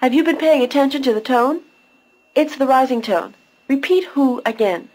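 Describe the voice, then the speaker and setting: A woman's voice: high voice, moderate pace, a little mellow, rough recording. A woman giving scripted narration for a language course, patiently explaining pronunciation step by step.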